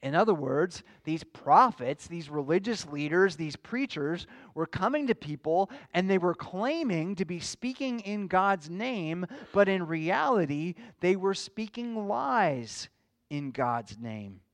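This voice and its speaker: A male pastor preaching a sermon in an earnest, measured teaching manner, asking his listeners questions. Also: high voice, expressive.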